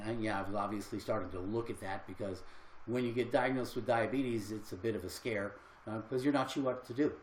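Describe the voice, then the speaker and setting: A man's voice: mid-range voice, echoey room, low-quality recording. An older man and health coach talking casually on a livestream, earnest and rambling with fillers.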